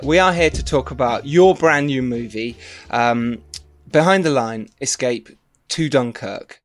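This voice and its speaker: A man's voice: mid-range voice, faint music behind. A man hosting a film podcast, chatty and teasing, laughing often. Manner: jokey, teasing, quick laughs. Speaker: podcast host. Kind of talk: casual podcast chat.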